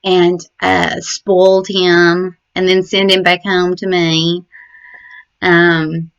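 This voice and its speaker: A middle-aged woman remembering her late son, speaking haltingly and tenderly with many pauses and fillers. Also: on the low side, little pitch movement, clear, resonant tone. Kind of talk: personal memorial reflection. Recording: dull lo-fi recording.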